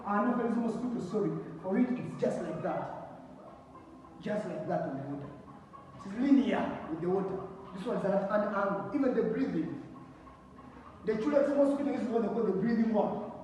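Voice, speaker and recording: A man's voice: high-pitched, a little mellow, a little hiss or hum. A male teacher, giving a classroom lesson and asking the class to finish his sentences. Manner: call-and-response questions, repeats key words. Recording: echoey room from far off.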